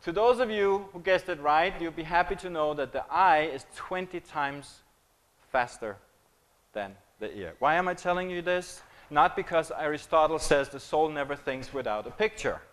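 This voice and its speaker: Conversational male keynote speaker, fairly high voice. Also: expressive, normal speed, a bit bright, low-quality recording. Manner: conversational, engages audience with questions and jokes. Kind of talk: conference presentation.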